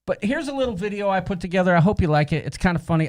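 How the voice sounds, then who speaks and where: A man's voice: sits high, lively intonation, racing, a little mellow. Chatty rambling male host. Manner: chatty, rambling, self-interrupting. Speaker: show host. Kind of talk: casual chat.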